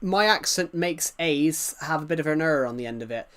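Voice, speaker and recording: A man's voice: a little high, animated, brisk, fairly bright tone, smooth. Chatty man, English-Welsh border accent. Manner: rambling, talks to viewers' comments. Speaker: livestreamer. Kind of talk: casual livestream chat.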